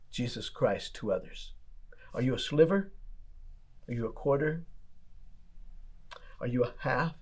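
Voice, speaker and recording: A man with a husky, slightly breathy voice gives a daily devotional as a church pastor. He talks in a homespun, storytelling way, stopping often to ask his listeners simple questions. His pitch sits in an ordinary middle range. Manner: folksy storytelling with rhetorical questions. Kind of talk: devotional sermon.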